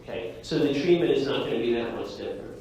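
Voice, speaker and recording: A male lecturer giving a lively, jokey classroom lecture and talking straight to his students. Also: mid-range voice, fast talker, vocal fry, lo-fi sound, a little hiss or hum. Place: lecture hall. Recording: echoey hall from far off.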